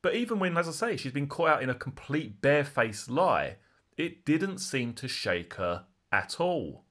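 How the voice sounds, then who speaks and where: A man's voice: a little high, normal speed. A man, recounting a courtroom trial he attended in a chatty, conversational way. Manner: conversational, lively re-enactment of courtroom exchanges. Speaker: true crime vlogger. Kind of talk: casual spoken recounting.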